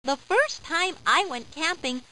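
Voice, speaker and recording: A woman voicing a kindly father cat in a storybook game, speaking in a gentle, storytelling manner. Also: very high voice, lively intonation, a little slow, slight background noise, pitched above the performer's own voice, heavily acted, poor audio. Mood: fond.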